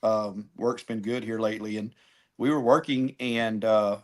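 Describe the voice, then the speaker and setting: A middle-aged man, a barbecue cook telling a story on a podcast in a casual, animated way, acting out phone calls. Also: fairly low pitch, unhurried. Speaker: guest, barbecue team cook.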